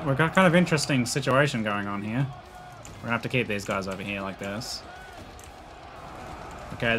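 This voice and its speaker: Excitable Australian man commentating a game. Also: mid-range voice, slight background noise. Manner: excitable, laughs often, shouts battle orders. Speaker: gaming YouTuber. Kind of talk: let's play commentary and narration.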